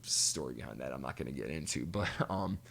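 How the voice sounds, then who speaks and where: A man's voice: a bass voice, animated, a little fast, creaky, fairly bright tone, slight background noise. A man co-hosting a podcast, chatting casually and animatedly, cursing freely and telling stories with quoted voices. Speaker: podcast co-host. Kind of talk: casual chat.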